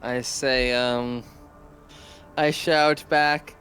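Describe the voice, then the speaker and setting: A man taking part in a tabletop role-playing game, speaking sheepishly and correcting himself apologetically. His voice sits at an ordinary mid pitch. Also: steady tone, extremely slow, a bit bright, faint music behind. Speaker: player. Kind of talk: casual tabletop game play.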